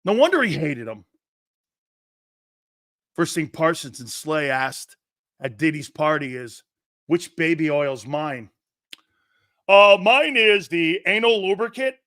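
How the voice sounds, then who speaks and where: Male sports talk host: high-pitched, loud, mocking, foul-mouthed ranter. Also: sing-song, slow, long pauses, no room sound, studio quality. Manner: loud, mocking and profane, often breaking into shouts and laughter. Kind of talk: brash sports talk rant.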